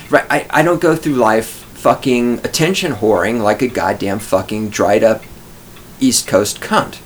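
A man's voice: lowish voice, a little slow, slight background noise. Man from Texas, middle-aged, podcast host, scornful rant, heavy swearing. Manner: profane, scornful storytelling. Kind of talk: ranting monologue.

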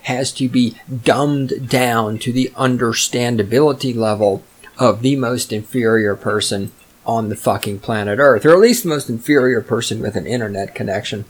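A man's voice: medium pitch, normal speed. A man hosting a solo podcast, ranting in a profane, sarcastic way. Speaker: podcast host. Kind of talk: solo rant monologue.

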